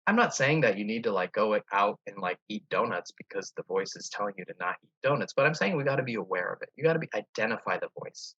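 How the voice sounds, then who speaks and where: A man's voice: lowish voice, expressive, quick pace, few pauses, pushed and bright, breathy edge, dry recording, lo-fi sound. A man coaching in a casual teaching talk, earnest and repetitive, who often checks in with "right?". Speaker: eating coach.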